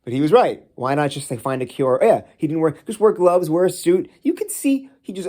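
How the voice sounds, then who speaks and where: A man's voice: fairly high pitch, very animated, normal speed, a little mellow. A man in his thirties from the United States, ranting casually about a film into his phone while cooking at home, swearing often and rambling. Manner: swears a lot, rambling and exasperated. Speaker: vlogger reviewing a film. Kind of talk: casual rant.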